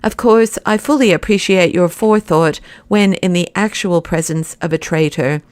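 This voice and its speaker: A woman's voice: lowish voice, moderate pace, a little mellow, dry recording, studio quality, lightly acted. A woman reading the part of a fussy, nervous male anarchist secretary, speaking sharply in protest.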